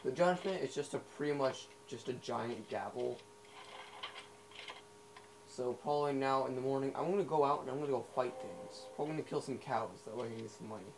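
A man's voice: mid-range voice, a little fast. A young man giving casual, rambling commentary while playing a video game, full of fillers and asides. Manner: rambling, filler-heavy, easily sidetracked. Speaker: gamer. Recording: noisy home recording.

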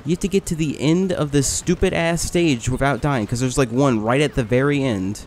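A man giving casual let's-play commentary, complaining, swearing and getting excited as he plays. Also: mid-range voice, moderate pace, slight background noise. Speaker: gaming video host.

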